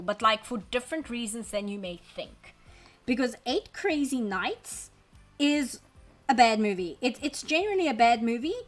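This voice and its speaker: Chatty woman streaming as she draws. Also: a little high. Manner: chatty, wry, self-deprecating rambling; reads and answers chat messages. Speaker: art streamer. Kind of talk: casual chat while drawing on stream. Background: faint background music.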